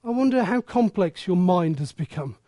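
A man's voice: sits high, lively intonation, moderate pace, mellow, no echo, clean studio sound. A man preaching a passionate sermon, breaking into snatches of sung choruses. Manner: passionate, bursts into snatches of song.

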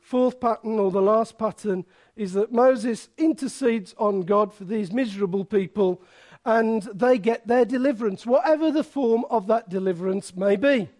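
A man's voice: sits high, normal speed, darkish tone. A man preaching a sermon in a conversational way, often restarting phrases and acting out little asides.

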